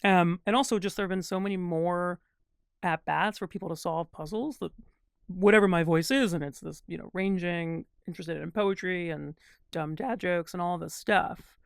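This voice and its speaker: A man appears as a guest crossword constructor in a casual interview, thinking aloud in long, winding sentences packed with fillers, thoughtful and rambling. His high voice carries a gravelly fry yet stays smooth and resonant underneath, at a normal speed. The recording is dry and close.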